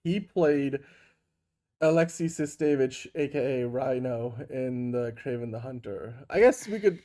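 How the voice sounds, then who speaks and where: A man co-hosting a casual podcast chat, animated and quick to laugh and react. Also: mid-range voice. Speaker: podcast co-host.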